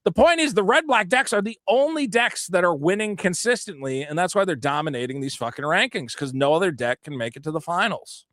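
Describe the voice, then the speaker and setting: A man co-hosting a podcast, ranting with animated, profane energy and quoting other players in put-on voices. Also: high voice, fairly quick, hardly any pauses, no room sound, studio quality. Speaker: podcast co-host. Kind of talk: casual podcast chat.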